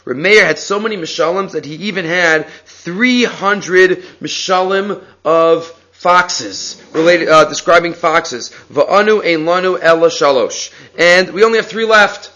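A man teaching a Talmud text study, an animated storyteller who acts out quotes and often restarts his sentences, on slightly dull lo-fi audio. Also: high-pitched, unhurried, few pauses. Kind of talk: lively text study lecture.

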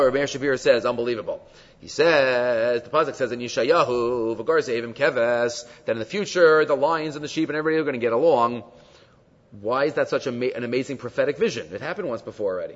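A man teaching a Talmud class, explaining texts, dropping Hebrew terms into his English and checking in with frequent rhetorical questions. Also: medium pitch. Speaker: Torah teacher. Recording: dull lo-fi sound with long hall reverb.

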